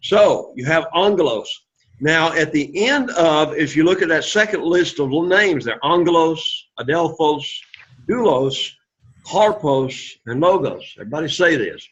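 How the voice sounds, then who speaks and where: A man's voice: fairly high pitch, expressive, normal speed. A man leads a classroom lesson in a slightly raised voice, cheering his students on and having them say each word back to him. The recording is dull and lo-fi, taken in the classroom. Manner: encouraging, repeats words for the class to echo. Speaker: Greek teacher. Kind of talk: classroom lecture.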